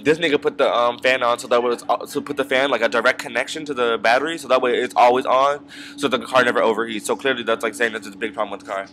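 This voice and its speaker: A man's voice: mid-range voice, steady tone, fast, fairly bright tone, slight background noise. A young man telling a long story in a casual, rambling rant, swearing freely and filling it with ums and side remarks. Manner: rambling, profane, full of fillers and asides. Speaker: vlogger.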